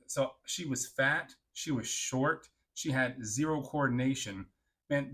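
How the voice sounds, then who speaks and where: A man telling a casual, crude and joking storytime, animated and often checking in with the listener. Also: medium pitch.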